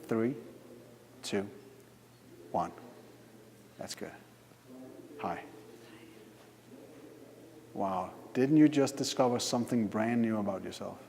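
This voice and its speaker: A man leading a live hypnosis demonstration at a conference, giving slow, coaxing instructions with repeated lists. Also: lowish voice, vocal fry, dark tone. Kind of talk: guiding a live hypnosis demo. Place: conference hall. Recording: reverberant conference hall.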